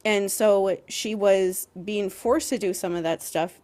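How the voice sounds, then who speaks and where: There's a darkish tone to this young woman's medium-pitched voice, and her pace is measured. As a podcast co-host, she rants with real heat and emphasis, saying "like" constantly and swearing at times.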